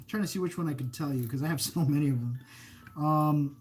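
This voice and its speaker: A man's voice: on the high side, normal speed, a little hiss or hum. A man hosting a casual live stream of creepy stories, rambling, breaking off mid-sentence and reading viewer comments aloud. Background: faint background music.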